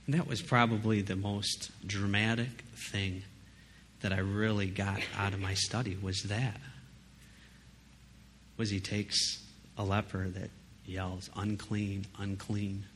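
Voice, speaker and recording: A man gives a casual sermon in a relaxed, conversational way, leaning on emphasis and quick asides like "you know" and "right?". His voice sits fairly low, with faint background noise humming underneath.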